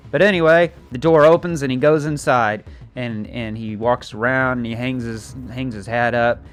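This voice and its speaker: A young man casually recapping a TV season, rambling and joking with plenty of filler words. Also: medium pitch. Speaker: show recapper. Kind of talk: casual plot recap with acted quotes.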